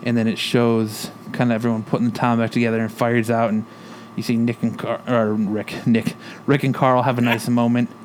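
A man's voice: mid-range voice, level tone, moderate pace, a little hiss or hum. A man casually retelling a TV episode, swearing freely and quoting characters' lines. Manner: loose, profane retelling with quoted lines. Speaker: podcast co-host recapping a TV episode. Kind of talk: casual chat.

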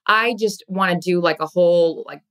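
A woman's voice: on the low side, normal speed, smooth. A woman co-hosting a podcast, talking in casual chat in a rambling way with many fillers. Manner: rambling, filler-heavy, warm questioning. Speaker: podcast co-host.

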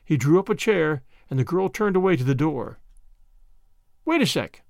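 A male audiobook narrator reading a mystery with expressive, animated delivery. His voice sits slightly high for a man and rises and falls a great deal. The recording is dry and close with no room echo. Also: brisk, creaky. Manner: expressive storytelling. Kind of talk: scripted narration of a mystery novel.

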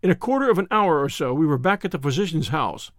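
Man with a lively high reading voice. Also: no room sound, studio quality. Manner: measured storytelling. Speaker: narrator. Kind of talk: audiobook reading of a classic story.

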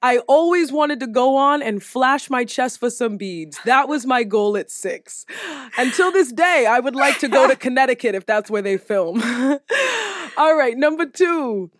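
Young woman, podcast co-host, fairly high voice, casual and profane, acts out quotes, dry close mic. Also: a little slow, dry recording. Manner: animated, swears freely, acts out quotes with big pitch jumps.

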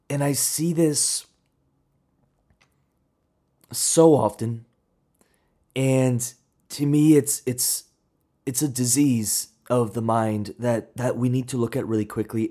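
A man's voice: mid-range voice, warm tone. A man in his thirties hosting a podcast, telling a candid, slangy motivational story in a casual solo monologue. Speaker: podcast host and coach.

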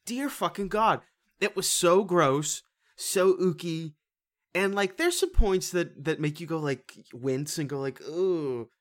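A podcast co-host reviewing a horror movie in casual chat, animated, swearing and laughing often, with many fillers. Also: mid-range voice, measured pace.

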